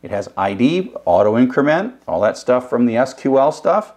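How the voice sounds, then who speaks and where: A man's voice: medium pitch, sing-song, moderate pace, darkish tone. Older man giving a casual coding lecture. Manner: casual, thinking aloud with restarts. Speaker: programming instructor. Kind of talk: recorded lecture.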